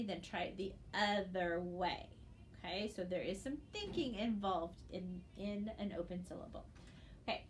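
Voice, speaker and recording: A woman teaching a phonics lesson, sounding out syllables slowly and checking in with "okay?" after each step. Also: mid-range voice, slight background noise. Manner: patient, checks in with frequent "okay?". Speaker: reading teacher.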